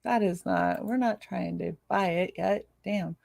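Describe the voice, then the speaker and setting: A woman's voice: lowish voice, a little slow, creaky, darkish tone. A young adult woman co-hosting a casual streamed chat, blunt and laughing often as she tells stories. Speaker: podcast co-host.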